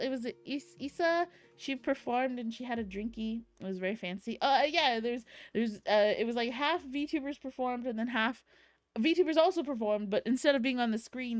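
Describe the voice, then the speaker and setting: A young woman streamer chatting casually in a bubbly, rambling way, with giggles and cutesy baby talk. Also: fairly high pitch. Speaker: streamer recapping an event. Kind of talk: casual chat.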